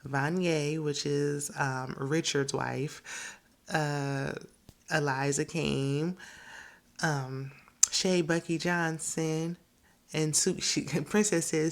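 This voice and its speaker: A woman's voice: low-pitched, drawn-out words. A woman hosting a reality TV recap, chatting casually and gossiping with frequent laughs. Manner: gossipy, animated, laughs often, quotes people in voices.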